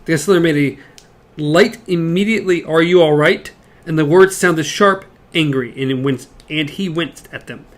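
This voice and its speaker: A man with a fairly high voice reads chapter passages aloud in a casual podcast chat. He stumbles over words and breaks off to joke about the text. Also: normal speed. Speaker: podcast co-host. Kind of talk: casual book discussion, reading passages aloud.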